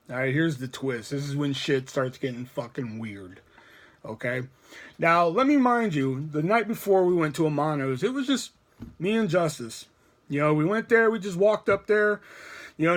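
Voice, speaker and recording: A young man tells a story in a high, very animated voice. His pitch rises and falls a lot as he acts out the quotes. He rambles, restarts and swears freely. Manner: profane and rambling, with many restarts; animated retelling with acted quotes. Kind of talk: casual storytelling.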